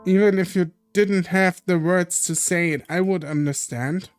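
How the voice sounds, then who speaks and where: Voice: medium pitch, a little slow, no echo, soft background music. A streamer reading a visual novel aloud in an earnest, emotional way.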